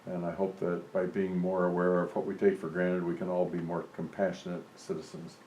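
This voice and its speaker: A man's voice: deep voice, little pitch movement, a little fast, warm tone, far from the mic, lo-fi sound. A man in a church group offering remarks, hesitant with fillers. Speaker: group member reading a letter. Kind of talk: casual remarks and reading aloud. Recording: echoey room, faint noise.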